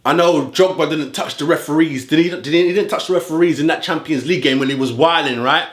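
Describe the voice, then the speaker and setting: A man's voice: a little high, quick pace. A man giving heated reaction commentary as a football fan vlogger, ranting in street slang. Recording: roomy echo.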